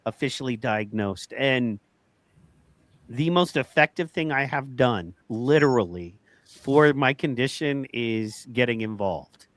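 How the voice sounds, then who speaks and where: A man's voice: medium pitch, expressive, unhurried, dry recording. A man co-hosting a podcast, speaking in an earnest, heartfelt way and often repeating himself in casual chat. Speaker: podcast co-host.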